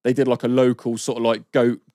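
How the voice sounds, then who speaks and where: A man co-hosts a casual podcast in a mid-pitched voice. He tells stories bluntly, swearing constantly. The mic is close and dry. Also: little pitch movement, a little fast, mellow, no echo. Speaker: podcast co-host.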